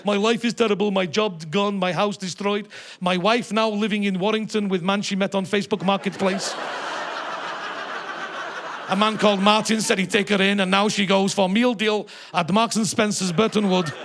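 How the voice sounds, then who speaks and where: A comedian putting on a weary Ukrainian man who lists his misfortunes deadpan in broken English. He, and his fairly high voice has a gravelly rasp. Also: moderate pace, background noise.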